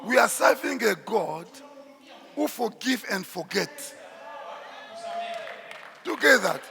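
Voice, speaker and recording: A man's voice: high voice, very animated, slow pace, gravelly, crowd noise. A man preaching a sermon as pastor, emphatic and declaiming, in an echoey church. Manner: emphatic preaching, shifts into Swahili asides.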